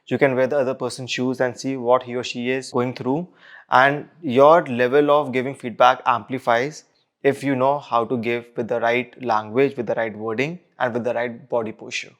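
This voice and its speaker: A man's voice: mid-range voice, little pitch movement, normal speed. A man hosting a podcast, thinking aloud as he frames a question for his guest. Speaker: podcast host. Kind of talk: interview question.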